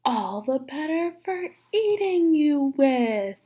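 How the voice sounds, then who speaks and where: A woman's voice: high-pitched, sing-song, takes it slowly, mellow, voice pushed up, full character voice. A woman voicing a sneaky, hungry male wolf with a growly, sly manner in a storybook reading. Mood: wobbly. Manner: growly, sly, put-on wobbly grandma voice.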